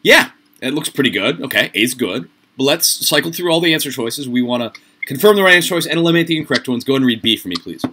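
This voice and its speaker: In an online tutoring session with noisy call audio, a male SAT tutor upbeatly coaches students through their answers, tossing in quick asides and laughs. He has a mid-range, animated voice that's bright, forceful and husky.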